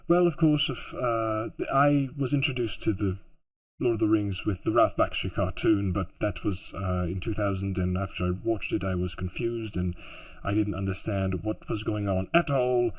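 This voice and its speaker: Rambling, husky-voiced man. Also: lowish voice, normal speed. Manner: rambling, many fillers and restarts. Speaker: audiobook producer. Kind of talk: casual self-interview.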